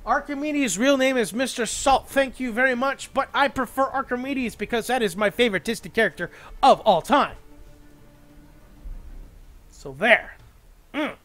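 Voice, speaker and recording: A young man with a very high, bright and forceful voice calls a video game match on his own. He talks rapidly and excitably, breaking off into self-mocking asides between plays. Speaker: esports caster. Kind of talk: solo play-by-play game commentary.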